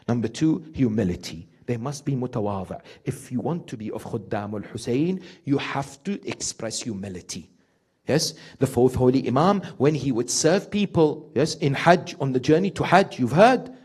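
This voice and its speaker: A man preaching a religious sermon in an emphatic, rhythmic way, counting off numbered points and tossing in an affirming "yes", swinging from loud peaks to hushed lows. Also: very animated, normal speed, breathy edge.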